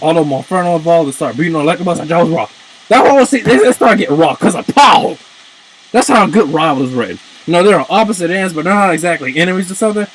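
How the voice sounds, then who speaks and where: A man ranting in casual commentary, swearing and breaking into shouts. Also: fairly high pitch, slight background noise, poor audio. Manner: animated, swears, jumps into shouts. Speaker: video commentator.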